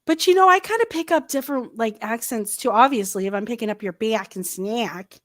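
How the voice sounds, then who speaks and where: A woman's voice: a little high, dry recording. Woman, from the Los Angeles area, teasing, livestream co-host, dry close mic. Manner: bubbly, teasing, quick to laugh. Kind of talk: casual livestream chat.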